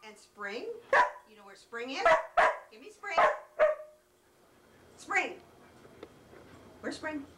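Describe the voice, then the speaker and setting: A woman's voice: sits high, very animated, slow, pauses often, reverberant, recorded from a distance, a loud crowd. A woman at home, talking to her dog in a coaxing, sing-song pet voice with lots of repetition, in a noisy home video. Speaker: dog owner and hostess. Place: indoors at home.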